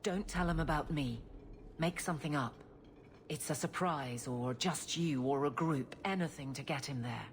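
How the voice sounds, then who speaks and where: A woman's voice: deep voice, moderate pace, slight background noise, lightly acted. An actress playing a stern female guard captain who speaks bluntly but grows flustered about romance. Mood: earnest. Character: stern woman guard captain, awkward in love.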